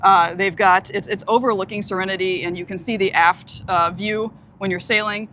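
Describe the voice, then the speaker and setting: A woman's voice: medium pitch, steady tone, moderate pace, fairly bright tone, a little hiss or hum. Woman co-hosting a deck live stream. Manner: conversational, gives practical tips. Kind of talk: casual live-stream chat. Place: outdoors on a cruise ship's upper deck.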